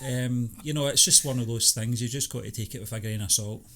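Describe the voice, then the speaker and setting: A man co-hosts a film chat and thinks aloud as he goes. He hesitates, agrees readily and fills gaps with small fillers, in a voice of ordinary middle pitch. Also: steady tone, a little fast, fairly bright tone, a little hiss or hum. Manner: hesitant, many ums and you-knows, agreeable. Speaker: film review podcast co-host. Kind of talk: casual chat.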